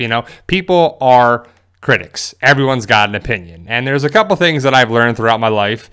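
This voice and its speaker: A middle-aged man talks casually to his viewers. His voice is smooth and clear at a middle pitch, and he rambles easily from one story to the next. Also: lively intonation, moderate pace, a bit bright. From New Jersey. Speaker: YouTuber. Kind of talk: casual talking-to-camera vlog.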